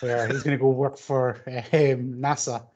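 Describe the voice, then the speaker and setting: A man's voice: mid-range voice, flat delivery, unhurried, a little mellow, muffled recording. A man co-hosting a casual film podcast, sarcastic and swearing in offhand remarks. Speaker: podcast co-host. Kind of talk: casual film review chat.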